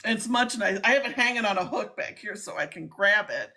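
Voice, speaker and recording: A middle-aged woman hosting a casual live-stream chat, talking in an excitable, chatty way. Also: medium pitch, fairly quick. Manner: chatty, excitable, laughs often. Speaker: host, scam baiter.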